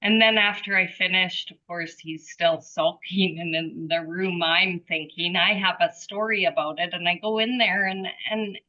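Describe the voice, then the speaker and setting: A woman telling a personal story in a group discussion over a video call, animated and acting out her own thoughts. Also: fairly low pitch, moderate pace, hardly any pauses, highs cut off. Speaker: group participant. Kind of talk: casual spiritual sharing.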